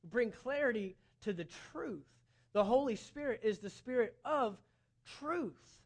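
High-voiced man preaching a sermon. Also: lively intonation, measured pace. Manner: earnest preaching with rising emphasis, quoting imagined dialogue. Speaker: pastor.

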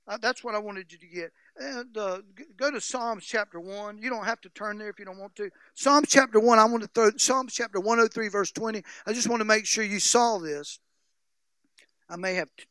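A man preaching a sermon, reading scripture slowly and emphatically between animated asides. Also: high-pitched, no room sound.

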